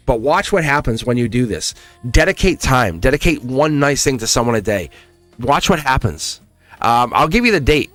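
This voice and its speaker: Chatty man giving a tarot reading. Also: mid-range voice. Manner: animated, chatty, encouraging, casual swearing. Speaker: tarot reader. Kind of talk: live-stream tarot reading.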